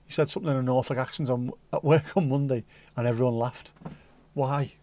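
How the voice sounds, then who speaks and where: A man's voice: mid-range voice, fairly even intonation, quick pace, dark tone. A middle-aged man with a Liverpool accent, hosting a livestream and chatting casually to his live chat with jokey, rambling asides. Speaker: livestream host.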